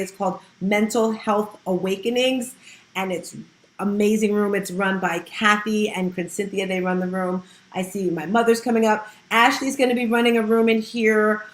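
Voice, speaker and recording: Woman host, upbeat and chatty, higher voice, echoey sound. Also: fairly even intonation, normal speed, fairly bright tone. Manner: upbeat, chatty, laughs often. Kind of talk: casual online audio room hosting.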